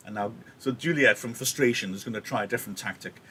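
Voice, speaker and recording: A male teacher with a Welsh accent explaining a play in an animated, chatty way during a live reading. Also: lowish voice, fast talker, a little hiss or hum.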